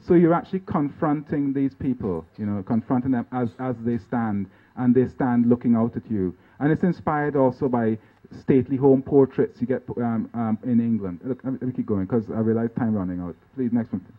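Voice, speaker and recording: A man from Guyana gives a loose, conversational talk about his artwork while slides are shown. His voice sits at an ordinary middle pitch, and he speaks haltingly, restarting phrases and checking in with "right?" and "you know". The recording is thin and tinny, like sound over a phone line. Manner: halting, many restarts, tag questions. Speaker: artist giving a talk. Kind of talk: informal lecture over slides. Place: lecture venue.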